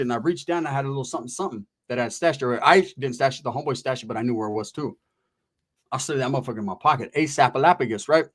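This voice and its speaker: Speaking quickly in a mid-range voice, this man from Northern California recounts a wild story of his own in profane street slang, lively and performing everyone's voices.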